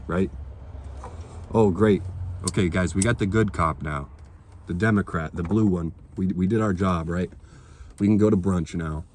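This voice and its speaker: With slight background noise behind him, a political vlogger vents to camera in a deep, slightly mellow voice. His rant is heated and sarcastic, and he swears without restraint.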